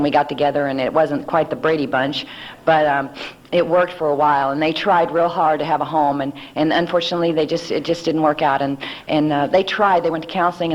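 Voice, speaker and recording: A woman's voice: on the low side, poor audio. A woman sharing her recovery story at a meeting, chatty and storytelling, with light laughs and asides. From United States. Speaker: AA speaker. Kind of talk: personal recovery talk. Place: live meeting hall.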